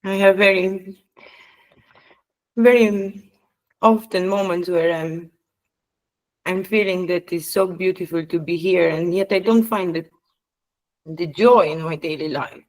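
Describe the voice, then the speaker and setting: A woman's voice: fairly low pitch, fairly even intonation, unhurried, pauses often, rough recording. A woman sharing personal feelings over a video call, hesitant and searching for words. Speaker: participant in a reading.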